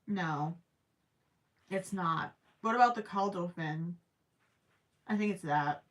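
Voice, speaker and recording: A woman's voice: medium pitch, expressive, slow pace, pauses often, a bit bright. A woman chatting casually with her viewers while she crochets, rambling with plenty of ums and self-deprecating asides. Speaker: crochet livestream host.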